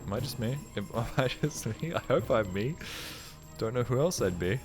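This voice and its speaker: A man's voice: mid-range voice, expressive, moderate pace. A man streaming a video game live, tired and rambling, joking and swearing as he plays. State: tired, ears ringing. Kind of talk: casual live gameplay commentary. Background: game music.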